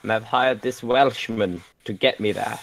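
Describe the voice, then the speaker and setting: A stuffy upper-class gentleman investor, plummy and pompous, as a man puts him on. The voice sits low and unhurried. It sounds close and dry, with no room around it. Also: vocal fry, no room sound. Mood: posh, pompous.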